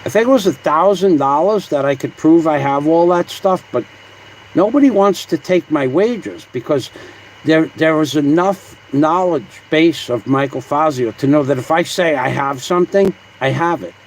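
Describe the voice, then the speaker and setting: A man's voice: on the high side, normal speed, slight background noise, low-quality recording. A man hosting a casual livestream, rambling and combative as he reads viewer comments aloud. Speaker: livestream host.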